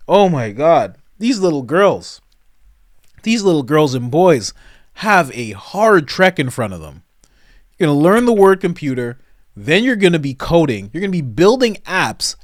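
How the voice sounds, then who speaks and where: Comedic commentator, man, lively mock-disbelief, slightly high voice, dry close mic. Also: unhurried, no room sound. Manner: animated, laughing, mock-incredulous. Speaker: commentary host.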